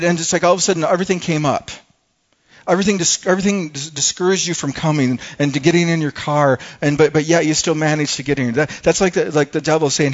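A man preaching a sermon as pastor, earnest, and often repeating and stumbling over words. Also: fairly high pitch. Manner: earnest, stammering repetitions. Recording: dull lo-fi sound.

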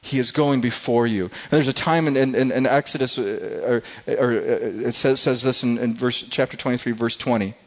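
A man's voice: medium pitch, normal speed, few pauses. An earnest man preaching from the pulpit with a mid-range voice. He stumbles and repeats words as he reaches for the next thought. The sound is a little dull and lo-fi. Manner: earnest, repeats words often while searching. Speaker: pastor. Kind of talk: sermon.

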